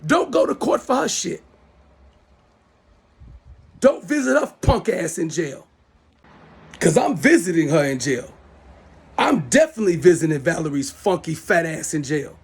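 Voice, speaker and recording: A man's voice: a little high, very animated, a little slow, long pauses, slightly rough. A middle-aged man delivering a heated, profane, repetitive rant into his smartphone as the host of his own show. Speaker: self-styled show host. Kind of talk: angry rant to camera.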